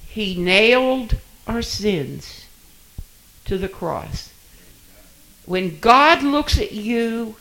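Slow, emphatic older man preaching. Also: sits high, animated, poor audio. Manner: slow, emphatic, dropping to soft asides. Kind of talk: sermon.

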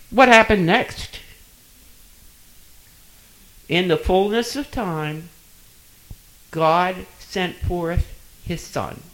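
An older man preaching a sermon in a church, emphatic, with soft dropped asides and repeated phrases. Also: sits high, rough recording.

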